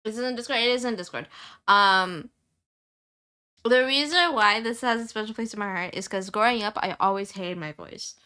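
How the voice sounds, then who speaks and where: A young woman streamer chatting casually with her viewers. She has a high-pitched voice that turns squeaky at times, rambles, and repeats herself with plenty of fillers. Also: normal speed, bright, forceful tone, smooth.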